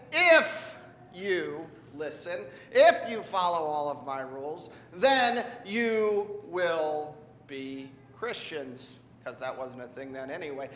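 A man giving a children's sermon, gently asking a child questions as he teaches. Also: high voice, a little hiss or hum. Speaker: pastor. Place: church sanctuary. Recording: echoey hall with long reverb.

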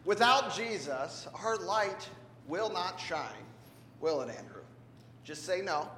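A man giving a children's sermon, gently asking a child questions as he teaches. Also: high-pitched, animated, slow, slight background noise. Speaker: pastor. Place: church sanctuary. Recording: echoey hall with long reverb.

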